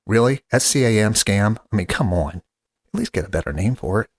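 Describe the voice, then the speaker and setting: Low-ish dude hosting a comedy podcast, just rambling along, kinda fed up. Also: male voice, animated, brisk. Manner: casual, rambling, exasperated asides. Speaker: podcast host.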